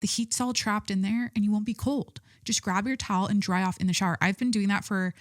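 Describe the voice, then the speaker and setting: A woman's voice: medium pitch, steady tone, fairly quick, dry recording, studio quality. Chatty, foul-mouthed woman podcast host. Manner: chatty, swears freely, rambling with fillers. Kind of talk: casual solo podcast chat.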